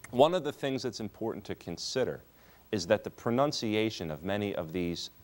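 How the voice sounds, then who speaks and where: A male teacher giving a lecture on poetry, explaining terms step by step and leaning on the key words. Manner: explanatory, stresses key terms with lively rises in pitch. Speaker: English teacher.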